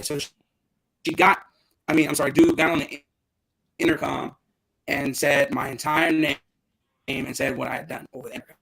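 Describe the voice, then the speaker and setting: Gravelly, bright-voiced storytelling man. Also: a little high, fairly quick, long pauses, low-quality recording. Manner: animated storyteller acting out quotes. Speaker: podcast co-host. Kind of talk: casual storytelling.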